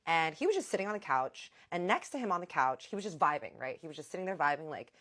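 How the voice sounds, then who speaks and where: Lively, low-pitched woman telling a story. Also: fast talker. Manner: animated, dramatic, addresses viewers directly. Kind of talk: casual storytime vlog.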